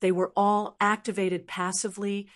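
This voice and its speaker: A woman narrating a fantasy web-novel audiobook in a steady, even reading. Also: medium pitch, normal speed.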